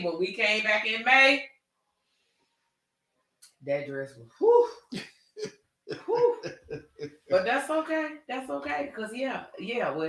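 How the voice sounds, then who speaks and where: A podcast host, a man with a high, bright voice, chats casually and animatedly, telling his stories in a slangy drawl. He's recorded from a distance in a room full of echo.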